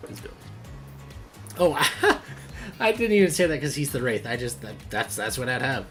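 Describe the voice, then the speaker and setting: A man's voice: medium pitch, very animated, moderate pace, pauses often, fairly bright tone, faint music behind. A man hosting a gaming video, reading a dating game aloud with wry, joking asides.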